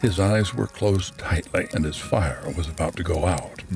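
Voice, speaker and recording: A man reading a children's storybook aloud with expressive, dramatic storytelling. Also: low-pitched, normal speed, creaky, hardly any pauses, loud music behind the voice. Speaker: storybook narrator.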